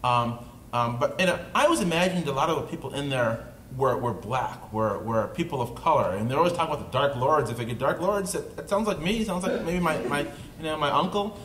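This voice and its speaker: A man's voice: fairly high pitch, expressive, fairly quick, fairly bright tone. A man with an upstate New York accent, an author talking casually on a panel to an audience and making self-deprecating jokes. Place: dark indoor event room. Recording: roomy event-room recording, faint noise.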